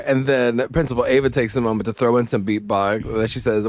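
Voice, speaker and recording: A man's voice: medium pitch, brisk, dry recording. A man co-hosting a casual recap podcast, telling the story animatedly with frequent laughter and swearing. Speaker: podcast co-host. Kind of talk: casual chat recapping a TV episode.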